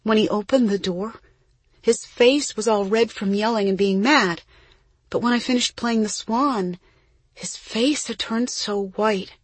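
A woman's voice: mid-range voice, a little slow, breathy edge, no echo, pitched above the performer's own voice. A woman voicing an earnest, sensitive young girl who plays violin, speaking eagerly and emotionally. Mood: awed.

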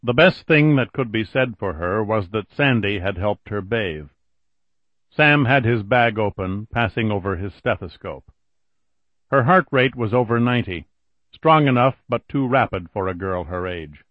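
A man narrating an audiobook in a steady, even reading voice, on a dull lo-fi recording. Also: fairly low pitch, unhurried, no room sound. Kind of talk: scripted narration.

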